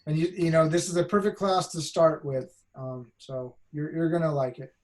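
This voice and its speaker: A man's voice: fairly high pitch, moderate pace, a little mellow. A man teaching a college class over a video call, talking casually with many restarts and fillers. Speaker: college instructor. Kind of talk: casual online class talk.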